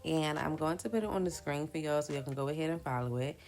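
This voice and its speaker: A young woman with a low-pitched voice talks casually to her viewers as she makes press-on nails. Her speech is relaxed and colloquial, and she addresses the audience directly. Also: fast talker. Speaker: nail business vlogger. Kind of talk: casual chat to viewers while doing nails.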